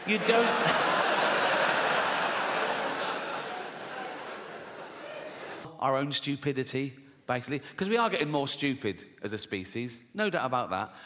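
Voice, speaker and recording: A middle-aged comedian performing stand-up, sardonic and profane, breaking into laughter at his own lines. His voice is bright and slightly high. He's heard in a large theatre with a long reverb and faint noise underneath. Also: animated, takes it slowly, long pauses.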